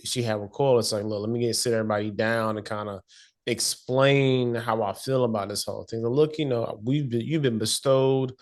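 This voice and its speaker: A man's voice: mid-range voice, steady tone, a little fast. A man co-hosting a casual TV recap podcast, talking in a laid-back, slangy way and laughing often. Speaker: podcast co-host.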